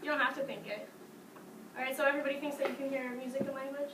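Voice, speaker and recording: A woman teaching a music class, talking lively and breaking into sing-song examples, recorded from afar in a classroom. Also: sits high, racing. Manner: lively, sing-song demonstrations with frequent laughs. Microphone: distant camera mic. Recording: echoey classroom from far off, noisy.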